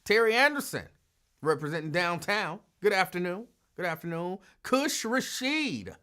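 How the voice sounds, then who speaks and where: A man's voice: high voice, sing-song, normal speed, pushed and bright. A man hosting a live afternoon show, greeting listeners by name in a laid-back drawl and laughing as he tells stories. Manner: laid-back, drawling, breaks into laughter while telling a story. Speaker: radio show host.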